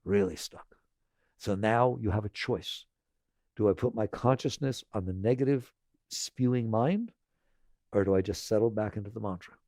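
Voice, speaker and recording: A man teaching spirituality in a relaxed, conversational talk. He repeats phrases gently and often checks in with listeners by asking "right?". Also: lowish voice, normal speed, long pauses, no room sound, studio quality. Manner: conversational, tags lines with "right?".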